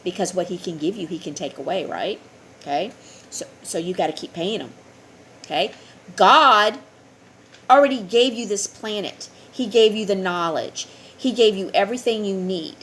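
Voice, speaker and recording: A woman with a mid-range, fairly bright voice teaches an informal spiritual class at a moderate pace, with a little hiss or hum in the audio. She talks earnestly and keeps checking in with listeners by asking "okay?"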